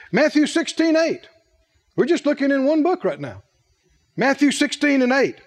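Older male preacher, high lively voice, roomy hall reverb, playful delivery. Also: slow. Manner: animated, playful, laughs often. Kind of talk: sermon.

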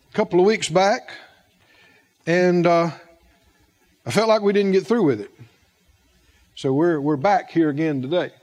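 A man's voice: high voice, a little mellow. A man preaching a sermon, asking the congregation questions and repeating words for emphasis.

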